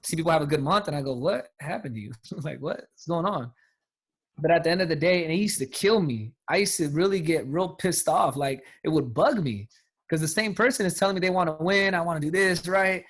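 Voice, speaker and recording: A man's voice: a little high, fairly quick, a bit bright. A man coaching his sales team on a call, talking emphatically in casual slang. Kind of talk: motivational talk on a team call.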